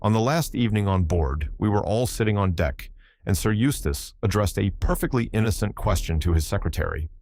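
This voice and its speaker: A man narrating a novel in the first person, in a measured storytelling manner. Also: lowish voice, expressive, a little mellow, dry recording, studio quality. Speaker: audiobook narrator.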